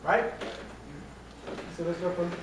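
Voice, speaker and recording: A man's voice: sits high, level tone, takes it slowly, background noise. Man coaching a choir rehearsal. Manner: encouraging, demonstrates lines by singing. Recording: echoey room from far off, with singing.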